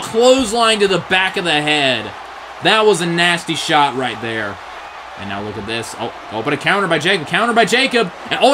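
A man giving excited play-by-play wrestling commentary, often shouting in disbelief, his voice getting strained. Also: very high voice, slight background noise, low-quality recording.

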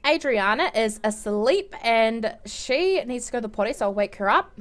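A woman hosting a let's play, chatting casually and gushing with excitement as she plays. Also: fairly high pitch, normal speed. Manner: gushing, excitable, exclaims often. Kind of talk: casual game commentary.

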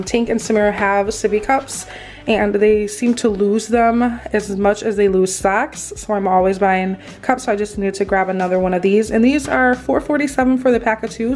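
A young woman from the Midwest, a home vlogger, hoarse and congested after being sick, chatting casually to viewers with lots of fillers. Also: medium pitch, steady tone, normal speed, darkish tone. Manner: chatty, filler-heavy, addresses viewers directly. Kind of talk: casual haul vlog talk.

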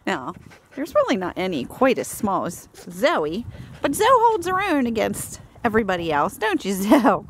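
Lady babytalking her dogs outside, high squeaky voice swooping up and down, phone cam. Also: huge pitch swings, normal speed, vocal fry, slight background noise. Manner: high sing-song baby talk with sweeping pitch jumps. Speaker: dog rescuer filming her dogs. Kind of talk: baby talk to dogs. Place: outdoors in a yard with dogs.

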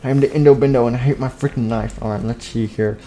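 A man's voice: mid-range voice, steady tone, fast, warm tone, close to an everyday voice. A man playing a grumpy male animatronic stuck delivering pizzas, grumbling and feeling sorry for himself. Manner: grumbling, self-pitying, muttering.

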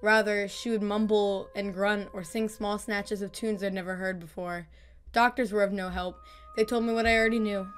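A woman narrating horror stories in a calm, measured read, her voice middle-pitched for a woman. She drops quieter on the darkest lines, and faint music plays beneath her. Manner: calm, measured, dropping softer on grim lines. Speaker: storyteller.

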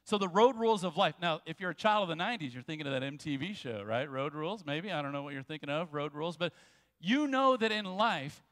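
A man preaching a sermon as pastor, telling jokes and stories with quick asides. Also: sits high, a bit bright. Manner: jokey storytelling with quick asides. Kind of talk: sermon with humor. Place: church sanctuary. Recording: long church hall reverb.

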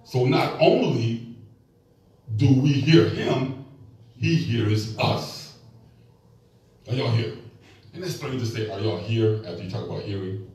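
Speaking slowly with long pauses, this middle-aged pastor has a mid-range, slightly mellow voice. His sermon includes call-and-response with the congregation and playful asides, recorded from afar in an echoey room.

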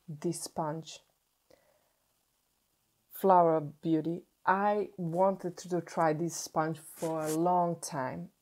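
A young woman vlogs in English, unwrapping makeup and gushing over each find with little restarts along the way. Her voice sits a touch low and sounds mellow and warm rather than bright. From Sweden. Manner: gushing, excitable, pauses and restarts as she unwraps. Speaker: beauty vlogger. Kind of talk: casual product unboxing.

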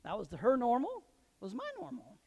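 A male pastor preaching a sermon in a church, telling personal stories and swinging into loud emphatic bursts. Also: very high voice, huge pitch swings, brisk, husky. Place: church sanctuary. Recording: long hall reverb.

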